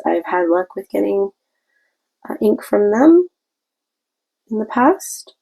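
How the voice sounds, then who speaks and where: A woman's voice: medium pitch, sing-song, slow, gravelly, long pauses, dark tone, husky, low-quality recording. A woman hosting a casual craft tutorial, chatty and meandering as she explains her painting step by step. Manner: chatty and meandering, with frequent restarts.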